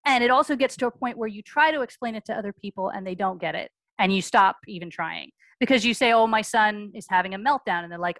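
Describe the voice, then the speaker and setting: A woman, around her forties, being interviewed as a guest on a podcast and recounting her family's experiences frankly and briskly, acting out the voices of people she quotes. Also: mid-range voice, fairly bright tone, dry recording. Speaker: guest, mother.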